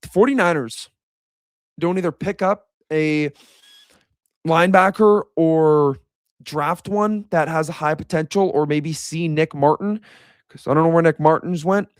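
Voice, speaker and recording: A man's voice: on the high side, unhurried, smooth, no echo, clean studio sound. A young man giving a casual, frustrated reaction rant as a sports commentator, repeating himself as he vents.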